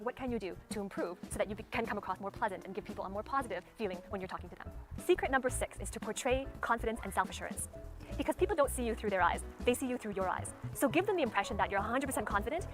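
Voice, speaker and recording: A woman talking very fast as she explains speaking techniques. Her enunciation is crisp and her delivery instructive, with her voice sitting at an average pitch. Faint music plays behind her. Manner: brisk, clearly enunciated teaching delivery. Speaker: speaking coach. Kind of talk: instructional talk to camera.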